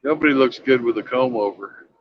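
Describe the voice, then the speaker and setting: A man's voice: medium pitch, fairly quick, highs cut off, slight background noise. A man hosting a casual talk show, joking with callers and telling a long joke. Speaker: host.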